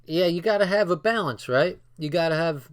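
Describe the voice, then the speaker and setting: A man's voice: fairly high pitch, normal speed. A man casually reading a book aloud and breaking off into loose, swearing asides. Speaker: book reader and commentator.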